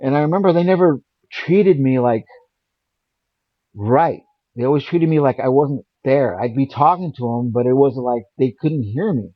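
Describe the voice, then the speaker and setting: A man telling a personal story in casual conversation as a guest, rambling and animated. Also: mid-range voice, normal speed, no room sound. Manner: rambling, animated, acts out quoted voices. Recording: dull, lo-fi and dry.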